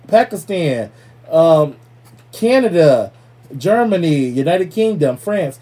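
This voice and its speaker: Mellow-voiced man hosting a casual podcast. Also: mid-range voice, moderate pace. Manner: loose, profane, playful shout-outs. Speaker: podcast host. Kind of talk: casual chat.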